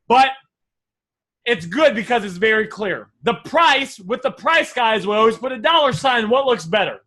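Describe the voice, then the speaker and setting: A man coaching a live class on sales offers, energetic and repetitive, often calling his listeners guys. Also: high voice. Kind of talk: live online teaching session.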